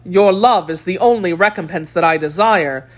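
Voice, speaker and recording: A woman voicing a young male swordsman in an audiobook, earnest and flattering. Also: lowish voice, normal speed, natural voice. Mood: ardent.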